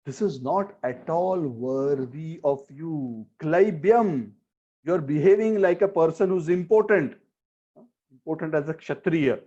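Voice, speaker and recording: A man giving a sermon on scripture, slowly chanting verses and asking rhetorical questions. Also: a little high, mellow. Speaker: spiritual teacher. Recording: dull lo-fi recording.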